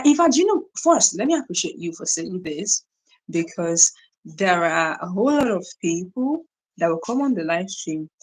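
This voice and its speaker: A woman's voice: lowish voice, rough recording. A young woman from Nigeria, hosting a casual live stream, greeting viewers by name and often checking in with "right?" and "you know". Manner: greets viewers by name and reads their comments.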